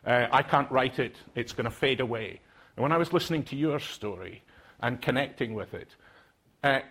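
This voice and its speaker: A man's voice: medium pitch, slightly rough. An older man from Aberdeen with a Scottish accent, speaking to a conference audience in a reflective, hesitant way with many fillers. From Aberdeen, Scotland.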